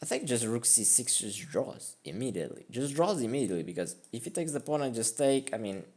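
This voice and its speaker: A man's voice: mid-range voice, sing-song, fairly quick, a little mellow, husky. A man giving casual, rambling commentary on his own chess game, mocking his own mistakes and filling his talk with "like" and "I mean.".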